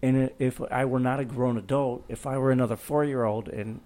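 Laid-back man with a mellow voice. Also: medium pitch, steady tone, a little fast. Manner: rambling storyteller, laughs at his own story. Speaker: podcast co-host. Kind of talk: casual chat.

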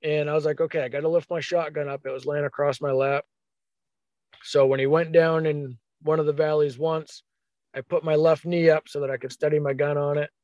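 A man telling a hunting story in a casual, animated way, acting out his own thoughts as quotes. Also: a little high, fairly quick, dry recording, lo-fi sound.

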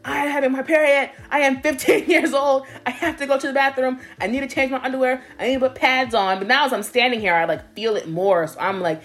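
A woman's voice: sits high, fast talker, hardly any pauses, faint music behind. A young woman casually telling a story, laughing and acting out what people said. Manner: animated, laughing storytelling with acted-out quotes. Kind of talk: casual chat.

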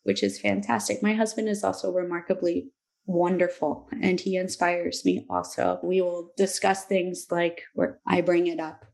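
A woman in her thirties, a guest in an interview, speaking slowly and reflectively about hard personal things. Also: lowish voice, fairly even intonation, vocal fry, a little mellow. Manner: slow, reflective, emotional. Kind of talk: candid interview talk.

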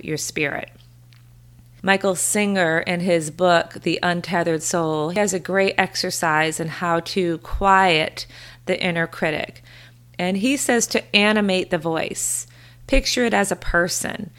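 A woman's voice: mid-range voice, a bit bright. A woman hosting a podcast, giving an earnest, encouraging motivational talk that repeats phrases for emphasis. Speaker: podcast host, confidence coach.

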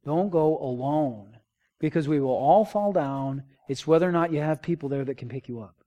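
A man's voice: fairly high pitch, brisk, muffled recording. A man preaching a sermon as a pastor, informal and joking, telling stories with voices for the people in them. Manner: animated storytelling with acted-out quotes.

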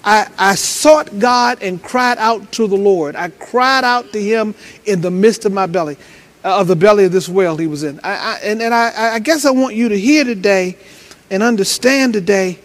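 A man preaching a sermon as pastor, swinging between loud, driving preaching and low, stumbling talk full of repeated words. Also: moderate pace.

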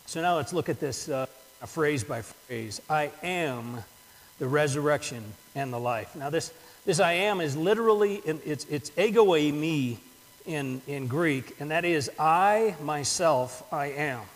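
A man's voice: on the high side, animated, unhurried, long reverb tail, low-quality recording. An older man preaching a sermon in an earnest manner, often repeating words as he builds a point. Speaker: pastor.

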